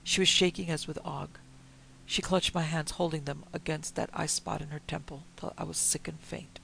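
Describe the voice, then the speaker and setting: Gravelly male audiobook narrator. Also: fairly high pitch, flat delivery, normal speed, pushed and bright, a little hiss or hum, rough recording. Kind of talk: reading a Victorian story aloud.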